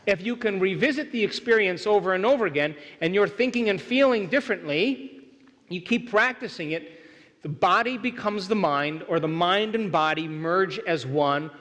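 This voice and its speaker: A man's voice: sits high, fairly bright tone. A man giving a motivational seminar lecture to a live audience, keeping them engaged by asking if they follow along. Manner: keeps checking in with the audience. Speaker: seminar speaker. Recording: long hall reverb.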